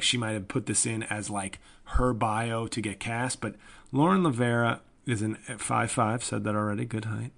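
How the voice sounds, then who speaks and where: Male comedian, 40s, gravelly voice, rambling self-deprecating podcast monologue. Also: mid-range voice. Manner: rambling, self-mocking, swings to loud excited yelling.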